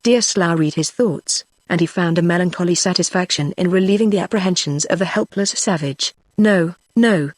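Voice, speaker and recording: A text-to-speech voice narrating a classic novel in an even, measured computer reading. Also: mid-range voice, no room sound. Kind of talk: synthetic audiobook narration.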